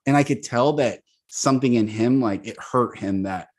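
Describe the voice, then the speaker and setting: A man's voice: medium pitch, normal speed. A man in his thirties on a video call, telling personal stories in casual conversation, laughing often and acting out what people said. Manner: animated storyteller, laughs often, acts out quotes. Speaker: guest, healing coach.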